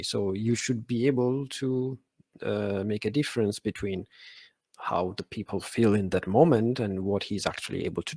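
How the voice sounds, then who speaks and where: As a guest on a podcast, this man from Italy talks in a conversational interview with an Italian accent, stuttering, repeating words, and using lots of fillers. His mid-range voice has a gravelly, darkish quality, captured in a dry recording.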